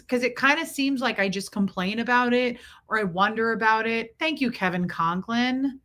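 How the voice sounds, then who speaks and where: A woman's voice: a little high, expressive, normal speed, hardly any pauses, a bit bright. A woman in her forties hosting a casual livestream, rambling and thanking viewers by name as she talks. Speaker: livestream host.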